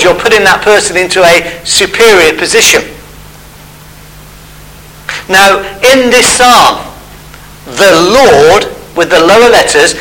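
A man's voice: high voice, pushed and bright, low-quality recording. A man preaching a sermon, explaining step by step in a conversational way.

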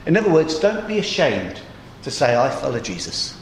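A man preaching a sermon in a conversational storytelling way, his voice a little groggy and hoarse. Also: medium pitch, wildly swooping pitch, normal speed, reverberant, a little hiss or hum.

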